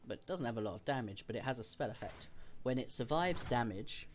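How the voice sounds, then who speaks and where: A man's voice: mid-range voice, lively intonation, brisk, a little hiss or hum. A man streaming a card game, explaining each decision as he thinks aloud. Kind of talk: casual gameplay commentary.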